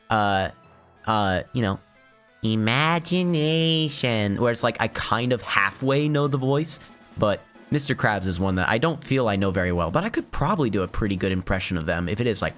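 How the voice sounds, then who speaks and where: A hoarse man from Finland giving chatty, rambling gameplay commentary and laughing often. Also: medium pitch, lively intonation, normal speed, fairly bright tone, soft background music. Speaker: let's play host.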